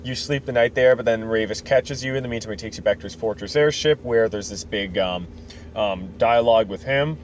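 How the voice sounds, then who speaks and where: Low-voiced guy rambling through a game story, jokey, lots of ums, bouncy pitch. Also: a little mellow, muffled recording, a little hiss or hum. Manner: rambling and joking, many fillers, acts out quotes. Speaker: podcast host. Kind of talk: casual recap of a video game story.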